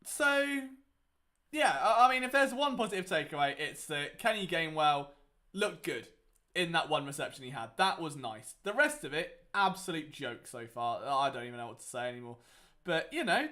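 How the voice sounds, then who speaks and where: This young watchalong host reacts to a live game as it unfolds, sarcastic and fed up, his volume jumping from loud eruptions to quiet grumbling. His voice is fairly high for a man, with lively intonation and a moderate pace.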